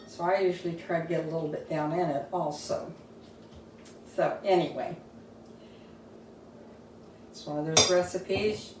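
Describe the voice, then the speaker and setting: A woman's voice: sits low, far from the mic, background noise. A woman cooking in her home kitchen, chatting casually and tasting her dish as she shows a family recipe. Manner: homey, chatty, tastes food while talking. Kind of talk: casual cooking video chat. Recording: echoey kitchen, voice a bit off-mic.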